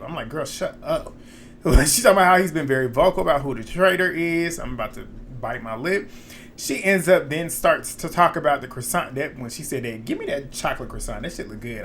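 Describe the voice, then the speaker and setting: A man's voice: a little high, fairly bright tone, a little hiss or hum. A young man recapping a reality show episode in a casual, blunt, chatty way, swearing freely and laughing at his own asides.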